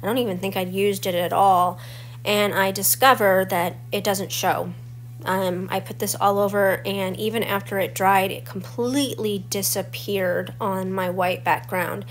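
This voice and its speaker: Hosting a scrapbooking channel, a woman in her forties talks viewers through each step of a crafting tutorial in a chatty, explanatory voice-over. A cold leaves her mid-range voice stuffy and a bit crackly. She keeps a steady tone and speaks a little slowly.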